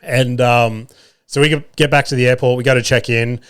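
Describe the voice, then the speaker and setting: An Australian man in his thirties, a podcast host telling casual, animated family stories with swearing and laughter. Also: medium pitch, moderate pace, smooth. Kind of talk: casual storytelling.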